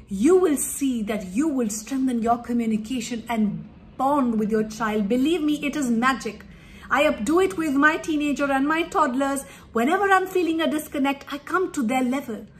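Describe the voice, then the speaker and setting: A woman parenting coach giving earnest, emphatic advice to parents in an instructive talk. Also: sits high.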